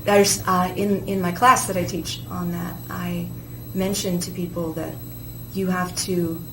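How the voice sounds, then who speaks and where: A woman's voice: fairly low pitch, level tone, unhurried. Earnest woman with theater-trained diction. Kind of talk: casual chat. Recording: echoey room with clear background noise.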